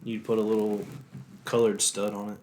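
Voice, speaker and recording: Low-voiced teasing man, noisy room. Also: little pitch movement, moderate pace, darkish tone. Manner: teasing, dry ribbing. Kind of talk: casual chat while building a brick set. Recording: noisy background.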